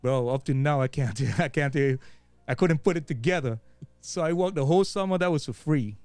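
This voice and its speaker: A man's voice: fairly high pitch, fairly quick, a little mellow, no room sound. Laid-back Virgin Islands man, dry sound. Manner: laid-back, street slang, frequent swearing and fillers. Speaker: guest DJ. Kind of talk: casual interview chat.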